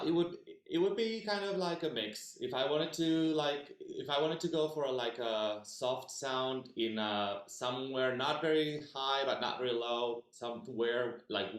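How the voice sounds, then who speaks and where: A man's voice: mid-range voice, a little slow, hardly any pauses. A man from Spain, echoey call. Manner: friendly, slightly hesitant, sings warm-up sounds when asked. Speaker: musical theater actor, voice student. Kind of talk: online voice lesson. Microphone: video call.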